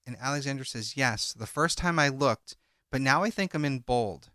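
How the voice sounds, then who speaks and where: A man's voice: medium pitch, expressive, normal speed, sharp tone, no echo, studio quality. A man co-hosting a true crime podcast, recounting a call transcript and reading out each speaker's lines. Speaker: podcast co-host.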